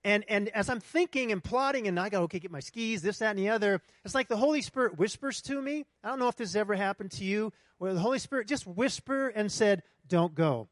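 A man preaching a sermon to a congregation, telling a lively personal story and asking the room for responses. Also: high-pitched, fast, few pauses, no room sound, clean studio sound. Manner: animated storytelling, talks to the congregation. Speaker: pastor. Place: church hall with congregation.

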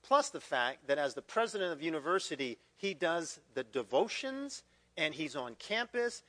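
A male pastor preaching a sermon in a conversational, animated way, with frequent restarts and repeated words. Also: a little high.

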